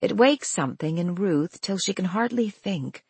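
A woman giving scripted storybook narration in a measured, gentle way. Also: medium pitch, expressive, creaky, slightly rough, no room sound.

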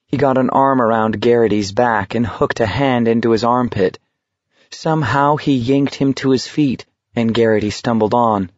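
A man narrating an audiobook in a measured, steady reading voice. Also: mid-range voice, dry recording. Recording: dull lo-fi recording.

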